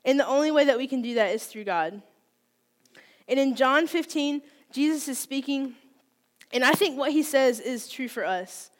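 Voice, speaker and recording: A woman in her twenties preaches in a candid, conversational way, joking at her own expense as she talks through personal struggles. Her voice sits a little on the high side. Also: animated, moderate pace. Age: 20s. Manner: candid, self-deprecating, conversational. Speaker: youth speaker. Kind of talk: sermon.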